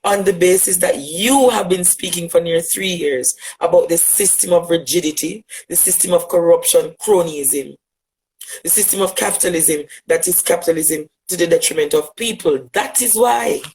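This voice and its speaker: On a rough recording with slight background noise, a Jamaican man with a Jamaican accent speaks at a moderate pace in a voice on the high side with a darkish tone. He is an LGBTQ advocate delivering a fiery, rhetorical monologue at a critic, repeating phrases for emphasis.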